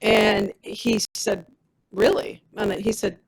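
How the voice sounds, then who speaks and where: A woman's voice: medium pitch, steady tone, takes it slowly, creaky, breathy edge, rough recording. A woman giving a personal testimonial as a product rep, telling her story with animation and acting out the dialogue of others.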